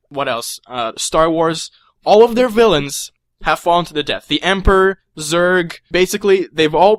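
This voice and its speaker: A man's voice: fairly high pitch, dry recording. A young man telling a rambling comic rant about being a supervillain, stammering and acting out little voices. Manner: excitable, stammering, acts out voices. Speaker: comedic storyteller.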